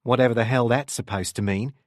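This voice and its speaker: A man's voice: medium pitch, fairly even intonation, a little fast, a little mellow, dry recording, clean studio sound, lightly acted. A man voicing a doubtful, teasing female detective with a New Zealand accent in an audiobook. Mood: wary.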